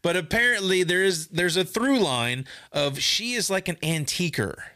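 A young man co-hosts a podcast, recounting things in a relaxed, self-mocking chat. His fairly high voice is lively in pitch and bright in tone. It is recorded close and dry. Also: normal speed, dry recording. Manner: self-deprecating, storytelling. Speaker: podcast co-host. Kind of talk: casual chat.

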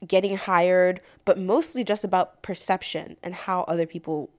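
Female co-host, raspy lost voice, lower pitch, wry casual delivery. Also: fairly even intonation, moderate pace, a little mellow. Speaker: podcast co-host. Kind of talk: casual chat.

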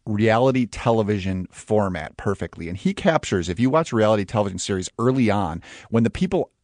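A man's voice: fairly low pitch, expressive, brisk, darkish tone, dry recording, studio quality. A middle-aged man co-hosting a film review show. He chats casually and with enthusiasm, laughing often. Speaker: film critic co-host.

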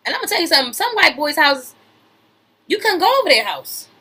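A young adult woman hosts a gossip podcast, reading celebrity news aloud and then riffing on it with slang, laughter, and repeated "wait a minute"s as she interrupts herself. Her high voice is sharp, very animated, and fast, and the recording quality is low.

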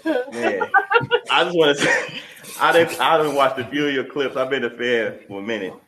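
A man's voice: mid-range voice, expressive, moderate pace, a bit bright. A man co-hosting a casual sports talk show, joking and laughing with his co-hosts. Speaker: host. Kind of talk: casual chat.

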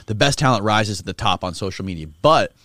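A man's voice: fairly low pitch, lively intonation, pushed and bright, dry recording, studio quality. A man hosting a podcast, chatting casually and reacting eagerly, with plenty of swearing. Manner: profane, eager, quick reactions. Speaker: podcast host.

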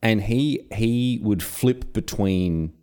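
A man's voice: fairly low pitch, slow pace, warm tone, smooth. A young man hosting a history podcast, telling wry, self-mocking school stories in casual chat. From Australia.

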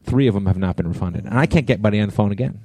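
Low, dark-voiced man ranting. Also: very fast, dry recording. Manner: animated, profane storytelling. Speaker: podcast co-host. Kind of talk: casual chat.

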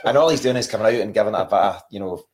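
A man's voice: on the low side, crowd noise. A man hosting a casual football podcast, asking his guests questions. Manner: quick, animated, asks questions. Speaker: podcast host.

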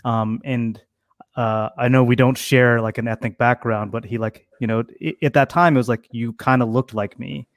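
Chatty co-host, self-deprecating, hesitant; close dry recording. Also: male voice, medium pitch, steady tone, normal speed, no room sound. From Tennessee. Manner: rambling and self-deprecating, with many fillers and restarts. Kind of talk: casual podcast chat.

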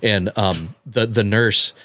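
A man telling a personal story on a podcast, halting and repeating words as he acts out what people said. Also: fairly low pitch, a bit bright. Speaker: guest telling his story.

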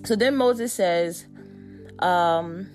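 Excited woman preacher, faint music. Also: on the low side, drawn-out words. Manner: emphatic, colloquial, builds to excited calls. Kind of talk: sermon with scripture reading.

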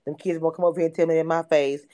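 A woman's voice: low voice, fairly even intonation, rapid-fire, dark tone. Brash woman hosting a chat. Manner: brash, swearing, teasing. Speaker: space host. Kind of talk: casual chat.

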